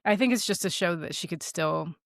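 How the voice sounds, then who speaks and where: Lower-voiced woman animatedly recapping a film. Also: fairly quick, creaky, dry recording, clean studio sound. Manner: animated storyteller, acting out characters' lines, laughing often. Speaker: podcast co-host. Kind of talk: casual film recap chat.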